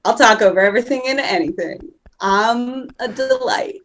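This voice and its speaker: A woman co-hosting a reaction channel, chatting casually with self-deprecating, quick-witted remarks. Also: on the high side, wildly swooping pitch, a bit bright. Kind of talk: casual chat.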